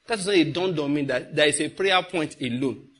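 A man's voice: fairly high pitch, moderate pace. A middle-aged Nigerian man, a pastor preaching a sermon in a conversational way with pidgin asides.

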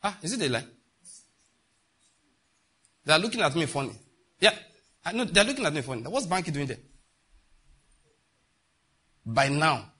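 A man's voice: a little high, very animated, moderate pace, pauses often, sharp tone, slightly rough. A middle-aged man, preaching a sermon emphatically and asking the congregation rhetorical questions. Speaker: pastor.

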